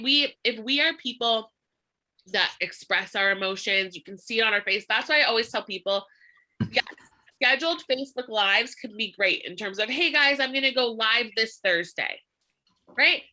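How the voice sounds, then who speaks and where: A woman's voice: medium pitch, pushed and bright. A woman leading a live online social media training, upbeat and emphatic, laughing often as she talks.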